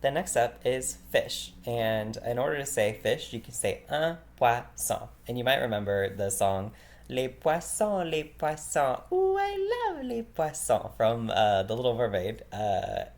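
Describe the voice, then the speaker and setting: A man from the United States giving a relaxed, chatty vocabulary lesson, repeating each word slowly and laughing often. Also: on the low side, vocal fry. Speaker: language teacher.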